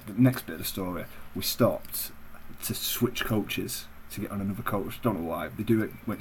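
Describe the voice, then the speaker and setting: A man's voice: fairly low pitch, a little hiss or hum, poor audio. Sweary young man ranting. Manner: blunt, sweary, conversational. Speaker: vlogger. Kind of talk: profane storytelling rant.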